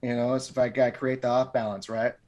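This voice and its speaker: A man's voice: mid-range voice, flat delivery, fast talker, darkish tone, dull audio. A middle-aged man, a martial arts gym owner and podcast guest, talking casually and rambling, often repeating words and restarting.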